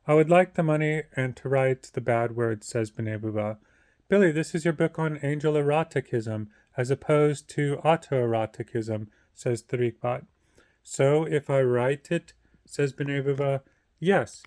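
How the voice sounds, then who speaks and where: A man reads his own short story aloud at a steady, middle pitch. He lifts his voice slightly for the quoted lines and trips over a word now and then. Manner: plain reading with small stumbles, raising his voice for quoted lines. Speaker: reader of his own book.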